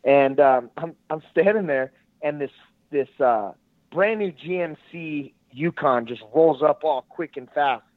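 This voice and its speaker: A guest phones in to tell a story, and his voice comes through the thin, tinny sound of a phone line. His voice sits a little higher than most men's. He tells it loosely, laughing and swearing as he goes. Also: unhurried, no room sound. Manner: laughing, profane, animated retelling. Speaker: guest, jiu-jitsu gym owner. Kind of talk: casual storytelling over the phone. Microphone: phone call.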